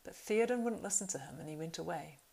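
Brief: proud young male horse-lord, as a woman reads him; earnest, urgent; low, gravelly voice. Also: animated, fast, a little mellow, heavily acted, low-quality recording. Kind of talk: audiobook reading.

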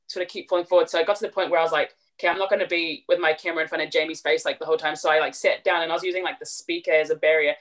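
Fast-talking young New Zealand woman. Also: fairly low pitch. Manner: rapid, animated storytelling with many fillers. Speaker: podcast guest, photographer. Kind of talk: casual chat.

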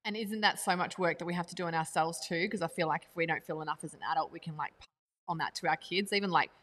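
A woman hosting a podcast, talking fast and animatedly in casual chat. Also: lowish voice, fairly even intonation, fairly bright tone, in a large hall. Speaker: podcast host.

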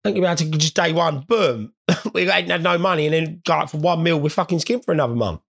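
A man's voice: a little high, fairly quick, creaky, a bit bright, breathy edge. A man in a crude, rambling comedic rant, swearing freely as he talks to his viewers. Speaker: vlogger. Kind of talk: casual comedic rant to camera.

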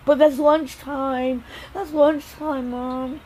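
A woman's voice: high voice, steady tone, takes it slowly, mellow, a little hiss or hum, poor audio. A woman voicing a frightened, childlike boy who frets and repeats himself. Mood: insistent.

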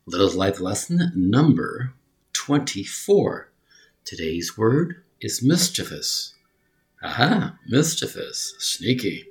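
A man's voice: lowish voice, big pitch swings, slow. A man giving a short vocabulary lesson, spelling each word out letter by letter and repeating its pronunciation. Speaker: English vocabulary teacher.

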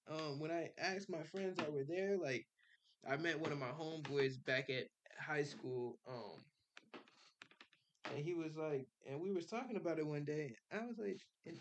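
Young man telling a story in slang, gravelly. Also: a little high, unhurried, dull audio, a little hiss or hum. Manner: animated storytelling with slang, swearing and laughter. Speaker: podcast host. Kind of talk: casual storytelling.

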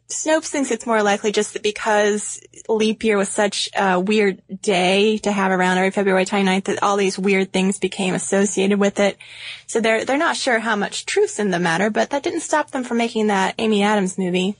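A woman co-hosting a podcast in casual chat, relaxed and chatty. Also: mid-range voice, moderate pace, dry recording. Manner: chatty, relaxed, many fillers. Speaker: podcast co-host.

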